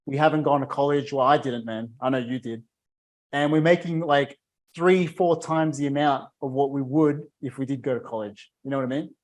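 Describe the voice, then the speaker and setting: A man's voice: medium pitch, fairly even intonation, moderate pace. A man hosting a casual interview, laid-back and friendly in his phrasing, saying dude and man. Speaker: podcast host.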